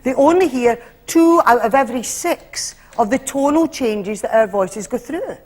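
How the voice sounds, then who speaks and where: A Scottish woman performing live stand-up comedy, animated and acting out voices as she tells her routine. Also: fairly high pitch, moderate pace. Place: stage before a live audience. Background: audience laughter.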